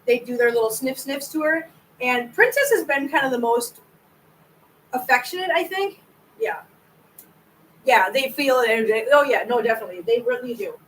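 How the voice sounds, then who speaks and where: A woman's voice: on the high side, lively intonation, moderate pace, pauses often, fairly bright tone, recorded from a distance, slight background noise, rough recording. A woman hosting a casual livestream from home, chatting with viewers in a rambling way and stumbling over her words. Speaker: cat channel host.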